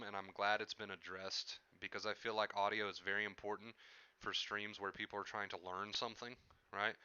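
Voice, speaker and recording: A man's voice: lowish voice, bright, forceful tone, clear, resonant tone, dry recording, dull audio. A man streaming live from home, chatting casually with his viewers into a headset mic and often repeating himself. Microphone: headset microphone.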